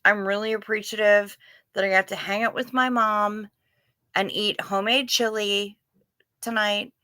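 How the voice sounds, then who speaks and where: A woman's voice: medium pitch, steady tone, normal speed, bright, forceful tone, dry recording. A middle-aged woman hosting a casual livestream, chatting with viewers in a wry, self-deprecating way. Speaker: livestream host. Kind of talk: casual livestream chat reading chat.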